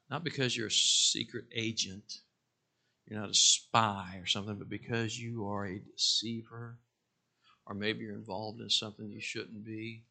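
Male pastor preaching, animated, loud then hushed, bright cutting tone. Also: fairly low pitch, creaky. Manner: animated, swings from loud to hushed, acts out quotes. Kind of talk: sermon.

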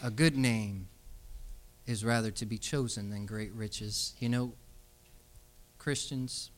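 A man's voice: fairly low pitch, slow pace. A young adult man preaching a sermon to young people, telling stories and then exhorting them emphatically. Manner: storytelling, animated, emphatic exhortation.

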